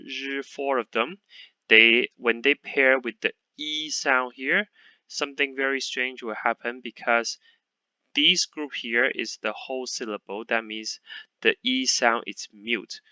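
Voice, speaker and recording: A man teaching a Chinese pronunciation lesson, patiently repeating sounds slowly for learners. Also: mid-range voice, bright, forceful tone, clear, resonant tone, no room sound, muffled recording. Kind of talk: online language lesson.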